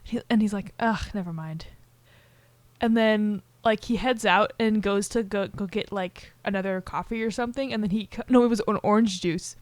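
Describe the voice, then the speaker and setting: A woman's voice: mid-range voice, steady tone, fairly quick, hardly any pauses, darkish tone, no room sound. A young woman co-hosting a casual podcast, retelling a film scene by scene and acting out the characters' lines with many fillers. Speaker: podcast co-host. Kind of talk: casual chat, retelling a movie.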